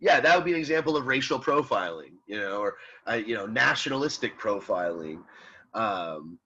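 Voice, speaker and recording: A man's voice: on the low side, lively intonation, moderate pace, sharp tone, a little hiss or hum. A man teaching an ethics class in a casual, rambling way, with lots of fillers and restarts, reading out student comments and answering them. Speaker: college ethics instructor. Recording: slightly muffled recording.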